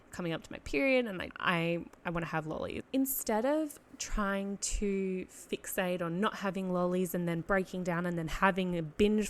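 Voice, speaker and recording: A young Australian woman chats through a solo podcast episode in a loose, rambling way. She leans on "like", restarts her sentences, and laughs at herself along the way. Her pitch sits in the middle range for a woman. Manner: chatty, rambling with lots of "like" and self-corrections. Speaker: podcast host. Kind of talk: casual solo podcast talk.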